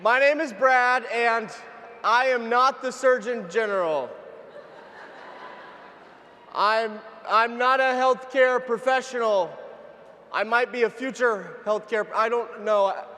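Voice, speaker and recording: Male keynote speaker, playful and self-mocking, drawn-out delivery, echoey conference hall. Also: extremely high pitch. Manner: playful, excitable, self-deprecating, calling out loudly to the crowd. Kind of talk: humorous stage speech to a large audience. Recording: echoey hall with faint ambience.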